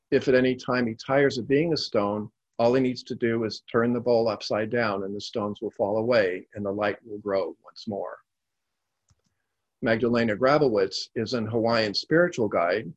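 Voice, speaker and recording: Calm male narrator reading stories, husky voice, dry close sound. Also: fairly low pitch, normal speed, no echo, dull audio. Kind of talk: scripted storytelling narration.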